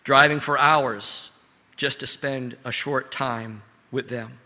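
A middle-aged man delivers a sermon in a church sanctuary. His voice is very bright and forceful, though he keeps pulling back to a soft, earnest hush. Long reverb from the hall hangs behind every line. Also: mid-range voice, fairly even intonation, slow. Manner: earnest storytelling with soft drops in volume. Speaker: pastor.

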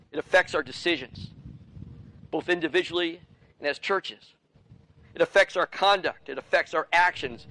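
Earnest preaching man, slightly high voice. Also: fairly bright tone, a little hiss or hum, poor audio. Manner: earnest preaching with repeated phrases and restarts. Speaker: pastor. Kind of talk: sermon.

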